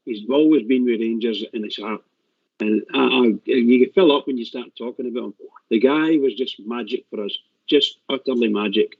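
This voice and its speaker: A man's voice: mid-range voice, moderate pace, creaky, dry recording. A man speaking on a call-in show, heartfelt and repeating himself. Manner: repetitive, heartfelt. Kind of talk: casual call-in chat. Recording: dull lo-fi stream audio.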